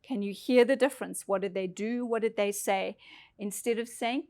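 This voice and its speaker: A woman's voice: medium pitch, moderate pace, darkish tone. A woman leadership trainer giving an instructional presentation, speaking emphatically and putting questions directly to her listeners.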